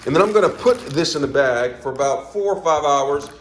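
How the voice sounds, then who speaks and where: A man's voice: fairly high pitch, lively intonation, a little fast, a little hiss or hum. A man giving a casual cooking demonstration at home, folksy and full of repeated catchphrases, dropping his voice on little asides. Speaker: home cook.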